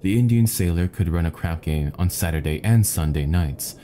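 Low, measured male fable narrator. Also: dark tone, slight background noise. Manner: measured, deliberate.

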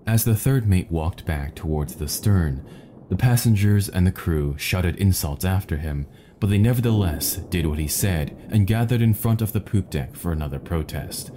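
A man narrates a satirical fable in a measured, deliberate reading. His voice is deep and dark-toned, mellow rather than bright. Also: lively intonation, slight background noise.

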